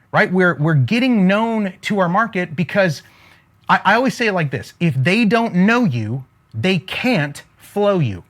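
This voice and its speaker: Animated preacher-style man. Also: high-pitched. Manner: emphatic, preacher-like cadence with call-and-response asides. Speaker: faith-based business coach. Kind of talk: preachy motivational talk to camera.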